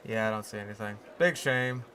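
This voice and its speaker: A man's voice: fairly low pitch, brisk, fairly bright tone, slight background noise. A man chatting casually as he builds in a park game, rambling and thinking aloud with plenty of fillers. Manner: musing, rambling, lots of fillers. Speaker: gaming channel host.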